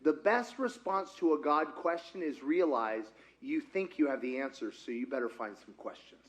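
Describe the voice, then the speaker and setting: High-voiced animated male preacher. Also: normal speed. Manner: animated, talks with the congregation, acts out dialogues with God. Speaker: pastor. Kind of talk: interactive sermon.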